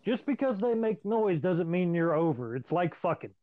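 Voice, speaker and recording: A former wrestler who co-hosts a podcast tells profane wrestling stories in casual chat, acting out the voices of the people involved. His voice is high and sing-song at a moderate pace, and the recording is dry and tinny, like a phone.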